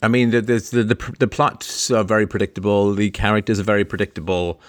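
A man hosting a livestream, chatting playfully, joking and laughing as he reads out viewer greetings. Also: fairly quick. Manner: animated, jumps between high and low pitch. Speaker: host.

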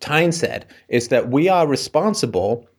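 A man hosting a call-in show who talks in long, probing runs and often ends his points with "right?". His pitch sits in the middle range for a man, and his delivery stays lively and animated. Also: measured pace. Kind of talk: call-in advice talk.

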